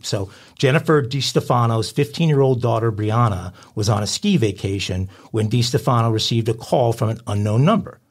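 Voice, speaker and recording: Male podcast co-host, casual news read, filler-heavy. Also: mid-range voice. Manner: reads news stories aloud with filler uhs and asides. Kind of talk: casual chat, reading crime news.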